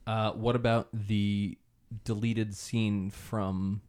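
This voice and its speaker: Male podcast sidekick with a somewhat low voice, dry and crude humor. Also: little pitch movement, slow pace, darkish tone, clean tone. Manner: dry, wisecracking, profane. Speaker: podcast co-host. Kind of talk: casual podcast banter.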